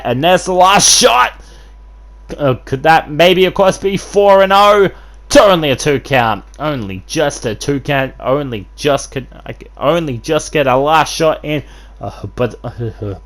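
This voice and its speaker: A man calling wrestling play-by-play as host, rambling through constant fillers and restarts, breaking into bursts of hype. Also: mid-range voice. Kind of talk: excited wrestling play-by-play commentary.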